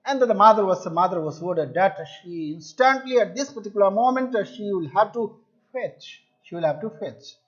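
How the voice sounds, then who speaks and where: A male English teacher explaining a story to his students, repeating and restating words to make the meaning clear. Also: sits high, expressive, a little fast. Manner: addresses listeners as dear children. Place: home or classroom video lesson. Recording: dull lo-fi recording.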